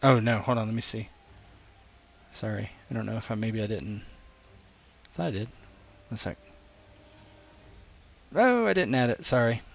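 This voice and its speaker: A man's voice: lowish voice, expressive, moderate pace, creaky, pauses often, a little hiss or hum. A man narrating as game master in a casual tabletop game, loosely describing the action and checking rules as he goes. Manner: casual, voices characters with sudden loud shifts.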